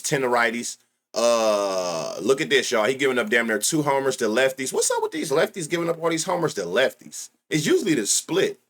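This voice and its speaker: A man runs a sports betting livestream and talks loosely to his chat, full of slang and swearing. His pitch swings widely, jumping high when he gets worked up. He sits close to a desk mic. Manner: loud excitable outbursts, heavy profanity, slangy. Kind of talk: casual live-stream chat.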